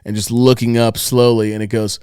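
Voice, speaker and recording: A young man co-hosting a podcast, telling stories in a casual, profane, animated way and acting out the people in them. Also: mid-range voice, a little fast, clean tone, no echo, studio quality. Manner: profane, animated storytelling with quoted voices. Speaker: podcast co-host. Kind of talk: casual chat.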